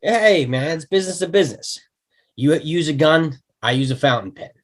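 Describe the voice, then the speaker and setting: An actor at a table read, playing a slick, brash executive with a wheedling sales patter. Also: male voice, a little high, expressive, normal speed. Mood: smug. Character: slick fast-talking male executive.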